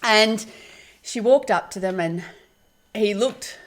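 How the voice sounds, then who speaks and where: A woman in her fifties co-hosting a chat show, telling stories from her youth in a casual, animated way with frequent laughs. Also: medium pitch, slow. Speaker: podcast co-host.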